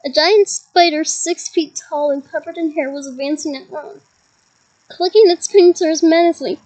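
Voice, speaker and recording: A woman reads a novel aloud to her listeners with a lively touch, chuckling now and then and adding side comments. Her voice sits high. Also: moderate pace, low-quality recording. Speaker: reader.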